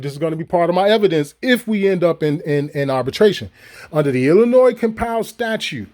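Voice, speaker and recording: High-voiced, profane man ranting. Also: darkish tone. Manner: profane, heated, repetitive. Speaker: video creator. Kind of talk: ranting monologue to viewers.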